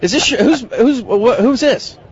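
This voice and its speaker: A radio host from Dallas, with a very high voice and lively intonation, wanders a media center teasing people in casual street interviews. His manner is joking and full of quick banter. The background is noisy and the highs are cut off.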